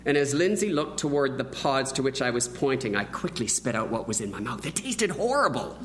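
A man delivers a sermon as a vivid personal story. His pitch rises and falls freely as he acts out the moments. A soft mains hum sits faintly underneath. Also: brisk, low-quality recording. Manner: animated storyteller who acts out the quoted voices. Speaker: preacher.

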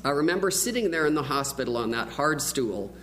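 A man preaching a sermon, telling a childhood story with lively, acted-out delivery. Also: on the high side, fairly quick, a little hiss or hum, low-quality recording. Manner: animated storyteller who acts out the quoted voices.

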